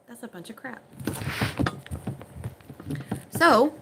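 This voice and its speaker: A woman's voice: medium pitch, fairly bright tone, slight background noise, low-quality recording. Oklahoma woman retelling scripture casually. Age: under 40. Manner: reads the King James text, then retells it in everyday slang; answers viewer questions chattily. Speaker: online Bible reader. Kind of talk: scripture reading with casual commentary.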